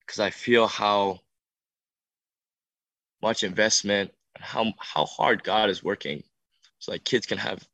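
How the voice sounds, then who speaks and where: A man's voice: on the low side, fairly even intonation, measured pace, long pauses, a bit bright, dry recording. A young man who leads youth workshops, telling a heartfelt testimony in an earnest, emotional way that builds in intensity. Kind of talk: testimony talk.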